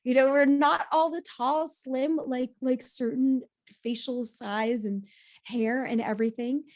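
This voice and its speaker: A woman appears as a podcast guest in a casual interview, speaking in a high voice at a slightly slow pace. She's animated, laughs easily, and often restarts her sentences.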